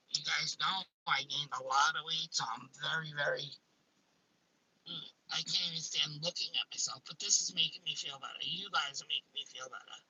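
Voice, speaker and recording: A woman with a thick Staten Island accent rants bluntly on a live stream. Her voice is piercingly bright and noticeably husky. She swears freely and stumbles into restarts. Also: low voice, rough recording. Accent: Staten Island, New York. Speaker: YouTuber hosting a live stream. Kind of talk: casual live-stream rant.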